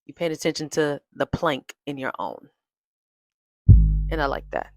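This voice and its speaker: A woman's voice: deep voice, fairly even intonation, a little slow, dry recording, studio quality. A young adult woman hosting her own podcast, talking in a chatty, playful way and laughing often. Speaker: podcast host. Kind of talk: casual chat.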